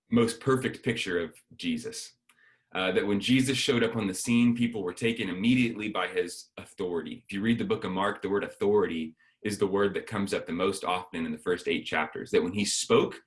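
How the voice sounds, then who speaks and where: Lower-voiced man telling a sermon story. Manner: lively storyteller acting out dialogue. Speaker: guest speaker.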